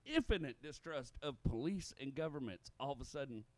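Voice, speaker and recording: A man's voice: mid-range voice, expressive, fairly quick, dry recording. A man from the rural American South co-hosting a podcast, talking in a wry, profane way in a casual chat. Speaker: podcast co-host.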